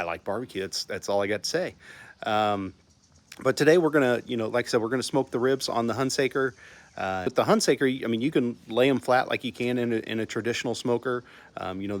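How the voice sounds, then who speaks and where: Middle-aged man from Texas, vlog host at home, low-ish voice, loose and rambling. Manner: rambling, restarts often, many fillers. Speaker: channel host. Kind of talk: casual barbecue vlog talk.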